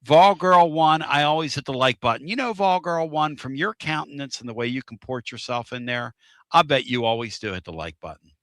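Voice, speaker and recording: A male host rambles through a casual live-streamed talk show in a folksy, repetitive way. His voice is bright and forceful. The sound is dry and close. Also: medium pitch, animated, brisk, no echo. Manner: rambling, repeats himself, folksy.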